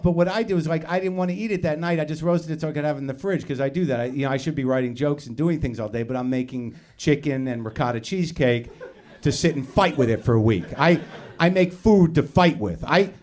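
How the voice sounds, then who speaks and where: A man's voice: fairly high pitch, a little mellow. Rambling, self-mocking male stand-up host. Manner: self-deprecating, profane, meandering with restarts. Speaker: podcast host doing stand-up. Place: live comedy theater stage.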